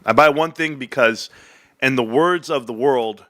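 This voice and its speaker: A man hosting a casual stock market livestream, ranting animatedly and swearing, jumping between loud bursts and low mutters. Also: unhurried, no echo.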